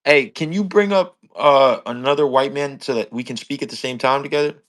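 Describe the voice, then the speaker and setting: A man's voice: medium pitch, brisk, fairly bright tone. A man calling into a talk show, protesting and complaining about being muted. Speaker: caller. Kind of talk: heated call-in argument.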